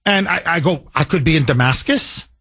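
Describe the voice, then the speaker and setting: A man's voice: a little high, animated, normal speed, bright, forceful tone, breathy edge. A middle-aged man from Canada hosting a talk radio show, delivering an emotional, heated monologue.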